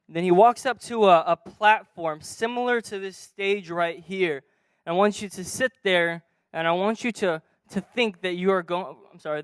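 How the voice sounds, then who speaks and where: A man preaches from a church stage in a high, smooth and resonant voice. He tells a story and acts out its dialogue, swinging between soft and loud. The recording is close and dry. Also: no echo. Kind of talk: sermon storytelling.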